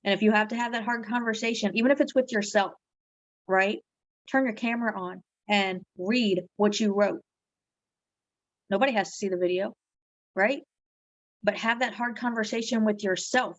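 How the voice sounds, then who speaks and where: A woman's voice: medium pitch, steady tone, normal speed, no room sound. Earnest woman giving a motivational talk, dull lo-fi sound. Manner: earnest, heartfelt, often ends with "right?". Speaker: direct-sales team leader. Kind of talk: motivational live video talk. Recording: dull lo-fi audio.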